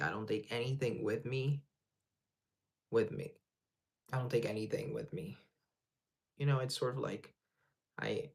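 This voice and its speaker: A gravelly, mid-range male voice belongs to a livestream host who reads viewer comments aloud. He rambles in a relaxed fashion and laughs at himself along the way.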